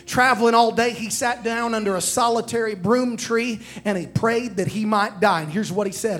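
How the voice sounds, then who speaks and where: A man's voice: high-pitched, normal speed, hardly any pauses, fairly bright tone, soft background music. A man preaching a sermon, calling out to the congregation to repeat after him and quoting scripture. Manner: preaching with call-and-response to the congregation.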